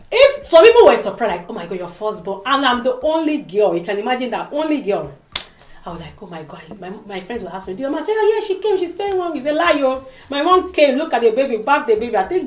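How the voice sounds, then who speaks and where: A woman's voice: high voice, noisy background. A woman, talking in an emotional, emphatic casual vlog and acting out the people she quotes. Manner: animated, emphatic, acts out quoted voices. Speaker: vlogger. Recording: echoey room.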